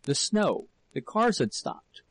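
A man's voice: fairly high pitch, unhurried, darkish tone, no echo. A man voicing a frightened young wife who sobs and pleads breathlessly in a read-aloud story.

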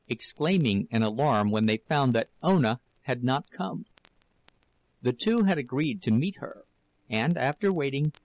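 A man reading a novel aloud as narrator, in a steady, measured storytelling manner with a gravelly voice. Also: mid-range voice, no room sound, low-quality recording. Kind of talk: audiobook reading.

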